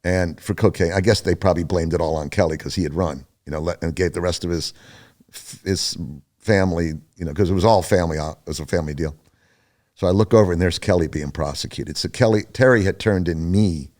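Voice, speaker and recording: Low-voiced older man spinning a yarn. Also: a little fast. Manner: animated, acts out other people's lines in a raised voice; loose and chatty, full of fillers and restarts. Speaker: podcast guest. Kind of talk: rambling storytelling in an interview.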